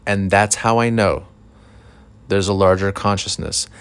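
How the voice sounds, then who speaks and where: Deep-voiced man rambling through a story. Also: fairly even intonation, a little slow, fairly bright tone, clean tone. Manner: rambling, profane, self-deprecating storytelling with many fillers. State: recovering from illness, short of breath at times. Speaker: podcast host. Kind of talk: casual monologue.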